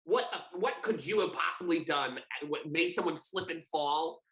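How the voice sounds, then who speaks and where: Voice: medium pitch, normal speed, fairly bright tone, reverberant. A tabletop player speaking in character, brusque, swearing and exasperated. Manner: foul-mouthed, brusque, exasperated.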